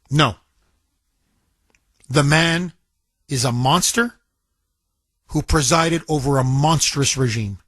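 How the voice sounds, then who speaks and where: A man's voice: a little high, slow, long pauses, fairly bright tone, no echo. A man hosting a talk radio show, speaking with impassioned, indignant emphasis and taking calls. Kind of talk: talk radio monologue and call-in.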